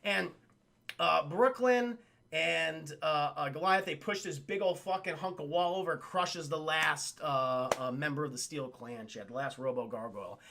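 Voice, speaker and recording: A man giving casual, profane, animated stream commentary while reviewing a cartoon for his chat. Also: fairly high pitch, moderate pace, creaky, a little hiss or hum.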